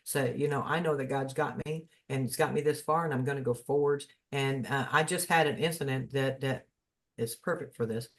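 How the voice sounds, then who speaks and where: A man's voice: medium pitch, normal speed. A man in a casual spiritual chat, folksy and storytelling, slipping into preachy asides. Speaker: spiritual podcast co-host.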